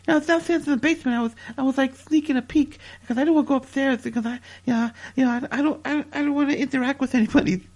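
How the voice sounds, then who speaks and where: Bashful stammering young guy, put on by a woman, slow, gravelly and hesitant. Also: sits high, steady tone, a little mellow. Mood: sheepish. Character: awkward shy young man, stammering.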